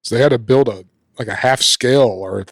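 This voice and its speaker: A man's voice: medium pitch, a little fast, no echo. A man co-hosting a film chat, adding offhand, trailing remarks. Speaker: film society co-host.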